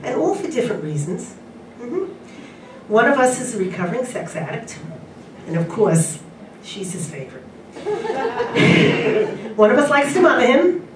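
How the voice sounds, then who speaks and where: A middle-aged woman doing a stand-up comedy set on a convention stage, with punchy, drawn-out delivery and laughs. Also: fairly high pitch, very animated, a crowd in the background. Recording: echoey room from far off, loud ambience. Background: audience laughter.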